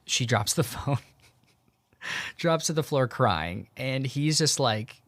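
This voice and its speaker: A young man hosting a podcast, retelling a story in a relaxed, casual way with lots of fillers and quoted dialogue. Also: medium pitch, slow pace, dry recording. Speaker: podcast host. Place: home in Tucson.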